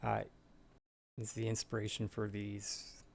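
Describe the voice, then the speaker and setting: A man's voice: lowish voice, completely flat delivery, unhurried, creaky, a little hiss or hum. A young man talking casually to viewers during a live stream, rambling and apologetic.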